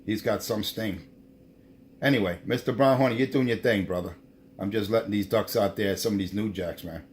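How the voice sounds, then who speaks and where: A CB radio operator with a lowish, slightly mellow voice banters on the air in a drawn-out, repetitive way. He keeps repeating himself and ends his lines with "man."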